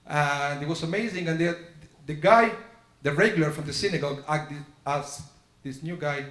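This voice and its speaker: A man's voice: normal speed, a bit bright. Man preaching a storytelling sermon. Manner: storytelling sermon, acts out dialogue with shifting pitch. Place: synagogue sanctuary. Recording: echoey sanctuary.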